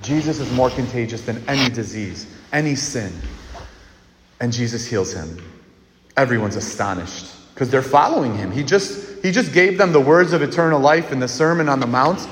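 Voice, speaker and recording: A man preaching a lively sermon to children, leading them in call-and-response. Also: mid-range voice, moderate pace, slight background noise. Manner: animated, leads call-and-response shouting. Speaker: priest. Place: church. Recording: echoey church hall.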